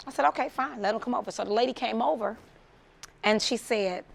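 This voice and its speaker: Gravelly-voiced woman telling a lively story. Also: fairly high pitch, brisk. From Chicago suburbs. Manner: animated, acts out quoted voices, laughs often. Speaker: motivational speaker. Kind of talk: storytelling talk.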